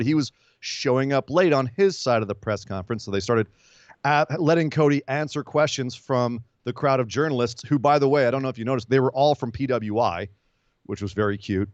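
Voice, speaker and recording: A man's voice: mid-range voice, no echo. A man co-hosting a podcast, recapping wrestling in casual chat and acting out what people said. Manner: animated storytelling, acts out quotes in silly voices. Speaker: podcast co-host. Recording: dull lo-fi, dry sound.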